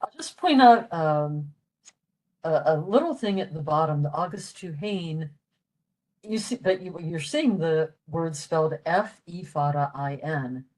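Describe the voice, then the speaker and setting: Slow, low-voiced older woman teaching. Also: animated, a little mellow. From western Pennsylvania. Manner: slow, repeats phrases, hesitant fillers. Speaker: Irish language presenter. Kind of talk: library presentation on Irish language.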